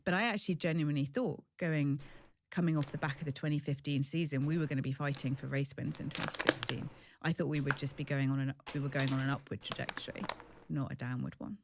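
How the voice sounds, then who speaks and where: A woman's voice: low-pitched, steady tone, quick pace, noisy background. A woman in her forties speaking as an interview guest, frank, chatty and self-deprecating. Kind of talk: candid conversational storytelling.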